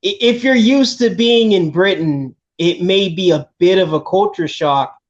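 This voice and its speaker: A man's voice: high voice, a little slow, lo-fi sound. A man joining a casual chat as a guest, talking hesitantly with many restarts. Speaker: podcast guest.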